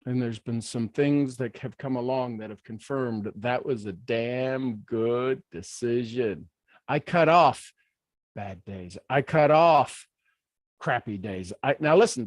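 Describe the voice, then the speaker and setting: A man from Ohio giving a motivational talk in an animated, folksy way with playful asides. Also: mid-range voice, no room sound, clean studio sound. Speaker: motivational speaker.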